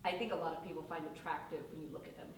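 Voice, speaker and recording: A woman's voice: sits low, steady tone, very fast. Distant woman announcing answers off camera. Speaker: off-camera game leader revealing answers. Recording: distant, echoey, faint noise.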